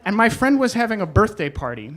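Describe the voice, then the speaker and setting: A man telling a personal story live on a club stage. He is animated and self-deprecating, and his pitch swings widely. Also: fast talker. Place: club stage in New York.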